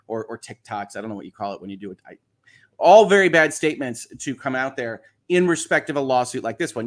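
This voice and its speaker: A man's voice: mid-range voice, a bit bright. A man hosting a casual livestream, chatting in a rambling way, thinking aloud and reading viewer comments. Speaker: livestream host.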